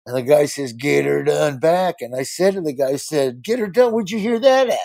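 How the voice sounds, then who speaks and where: A man's voice: a little high, normal speed, gravelly, no echo. A man, a comedian, telling a casual anecdote and acting out the other people in it. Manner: animated storyteller who acts out voices. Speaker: comedian guest. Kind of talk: casual storytelling.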